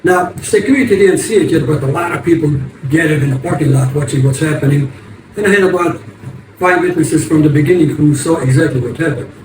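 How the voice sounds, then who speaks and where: Echoey and distant from sitting back from the microphone, an older man with a voice a little high for a male tells a casual story. He's a vlogger from the United States who rambles, hesitates and restarts frequently, all over a steady hiss of noise.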